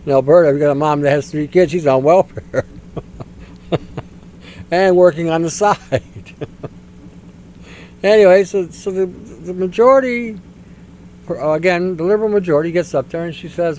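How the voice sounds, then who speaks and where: A man rants on his podcast in a blunt, scornful, repetitive way. His voice sits fairly high for a man. Faint noise sits behind it. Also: expressive, a little slow, pauses often, a little mellow, low-quality recording. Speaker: podcast host. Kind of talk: opinionated commentary rant.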